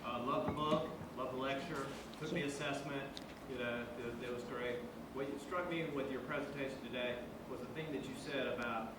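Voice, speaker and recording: A man in the audience asks an earnest, direct question at a middle pitch. He is heard from afar in a cavernous hall, with loud noise all around. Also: fairly even intonation, normal speed. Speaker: audience member. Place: lecture hall. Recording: distant mic in a loud, echoey hall.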